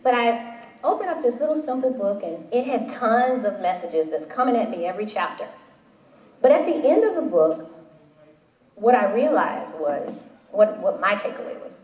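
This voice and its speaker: A woman in her forties gives an animated motivational talk, slipping into quoted voices as she tells her stories. Her voice sits a little higher than most, and she sounds set back from the microphone in a room with plenty of echo. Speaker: panel speaker. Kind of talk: motivational talk to a live audience. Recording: roomy hall audio from a distant mic.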